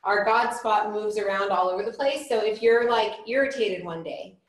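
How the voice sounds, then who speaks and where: A woman's voice: mid-range voice, moderate pace, roomy sound, low-quality recording. A woman teaching an informal online spiritual class in a rambling, chatty way, restarting her sentences often.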